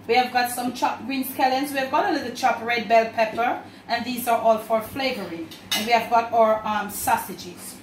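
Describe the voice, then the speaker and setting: Speaking at a moderate pace with hardly any pauses, a Jamaican-accented woman with a fairly high voice cooks a recipe at home and chats to her audience like family. The recording has a distant mic, kitchen echo, a little hiss or hum, and the clatter of dishes and pans.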